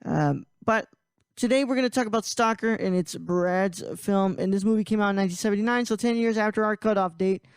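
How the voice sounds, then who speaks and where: A man's voice: sits high, fairly quick, clear, resonant tone, no echo. A man hosting a casual podcast, rambling with frequent laughs and restarts. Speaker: podcast host.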